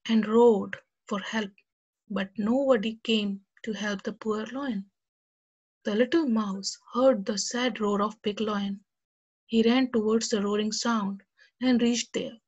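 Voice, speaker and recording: A woman's voice: fairly high pitch, husky, lo-fi sound. Cheerful woman teaching young kids. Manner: cheerful, speaks directly to kids. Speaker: children's teacher. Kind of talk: teaching a lesson to young kids, reading a story aloud.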